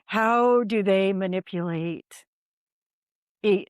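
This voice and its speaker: A woman's voice: medium pitch, slow, clear, resonant tone, dry recording. A woman who investigates the paranormal, a podcast guest telling a story in a rambling, casual way with many ums and likes.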